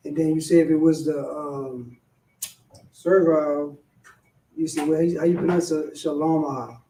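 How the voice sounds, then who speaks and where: Questioning man with a mellow voice. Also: fairly high pitch, flat delivery, normal speed, a little hiss or hum. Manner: asks questions, hesitant, affirms often. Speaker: student. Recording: roomy, distant mic.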